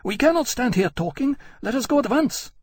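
A man's voice: sing-song, moderate pace, slightly rough, heavily acted. A man voicing a fierce, proud queen. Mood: urgent. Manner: urgent, high and imperious. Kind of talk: audiobook character voice.

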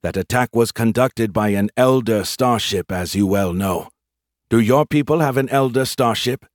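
A man voicing a calm, confident human general in an audiobook, courteous with a dry, taunting edge. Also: mid-range voice, normal speed, dry recording, close to an everyday voice. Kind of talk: audiobook character voice.

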